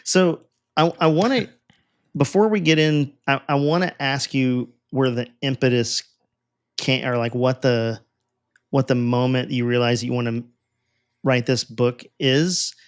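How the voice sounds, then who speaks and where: A man hosting a podcast, asking a long, rambling question in a relaxed, casual way. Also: mid-range voice, a little slow, clear, resonant tone. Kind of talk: casual interview chat.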